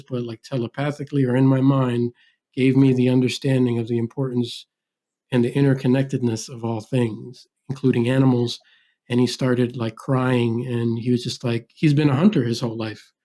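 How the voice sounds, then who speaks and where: A male podcast host with a mellow, dark voice that stays fairly flat in pitch. He chats casually and tells stories loosely with fillers. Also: moderate pace. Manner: relaxed, chatty storytelling with fillers. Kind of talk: casual interview.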